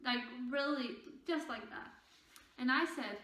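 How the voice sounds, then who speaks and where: A woman's voice: sits high, measured pace, sharp tone, recorded from a distance. A young woman vlogging a casual storytime, rambling and indignant, with frequent swearing. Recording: echoey room, voice away from mic.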